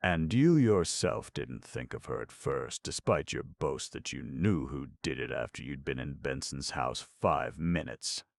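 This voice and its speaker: A man's voice: rumbling low, animated, measured pace, creaky, hardly any pauses, dry recording, studio quality, full character voice. A man reading an audiobook, voicing a stern, indignant district attorney who speaks bluntly and coldly. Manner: blunt, exasperated and cold.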